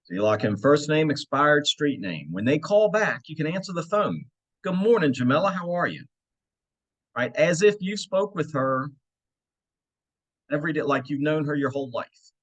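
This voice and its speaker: A man's voice: on the high side, normal speed. A man who works as a real estate agent, walking listeners through cold-calling habits in a coaching tone and checking in with frequent "right?" asides. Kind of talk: instructional walkthrough.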